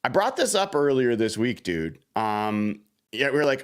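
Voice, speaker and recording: A man hosting a sports postgame show, talking with big bursts of excitement and shouted cheers. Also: moderate pace, clean tone. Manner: animated, exclamatory, swings high when thrilled. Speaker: podcast host.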